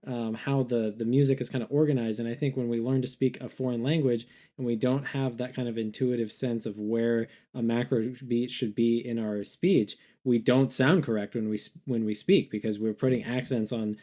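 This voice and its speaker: A man hosting a podcast in casual conversation, relaxed and thinking aloud. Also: mid-range voice, moderate pace, few pauses. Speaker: podcast host.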